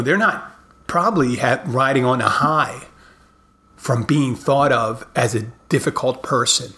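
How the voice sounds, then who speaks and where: A middle-aged man, a bartender hosting his podcast, telling stories in a casual, halting monologue with many restarts. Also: mid-range voice, vocal fry, fairly bright tone.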